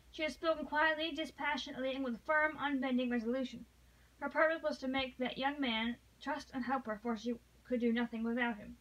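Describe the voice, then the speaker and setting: A high-pitched woman reads a classic novel aloud, pausing and correcting herself as she goes. Her reading turns dramatic in the emotional passages. The recording sounds dull and lo-fi. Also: steady tone, fairly bright tone. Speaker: reader.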